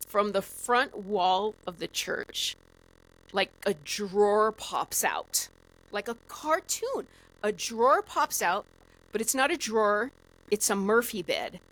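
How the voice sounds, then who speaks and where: A woman guest on a podcast, telling a story in a lively, animated way with lots of "like" fillers. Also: mid-range voice, takes it slowly, poor audio. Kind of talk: casual storytelling.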